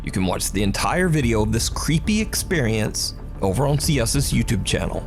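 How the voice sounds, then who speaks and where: A man giving scripted narration for a countdown video, in a steady, measured storytelling voice. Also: medium pitch. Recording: narration over loud background music.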